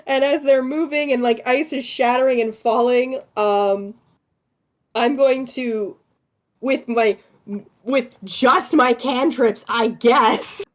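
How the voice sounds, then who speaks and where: Playful woman player, slow delivery, slightly high voice, laughs often. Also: steady tone. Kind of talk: tabletop game play.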